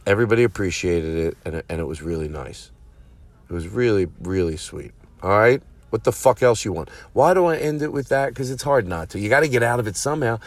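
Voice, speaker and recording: A man's voice: on the low side, animated, fairly quick, no echo. A man hosting a comedy podcast, talking in a rambling, profane, self-mocking monologue. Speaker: podcast host.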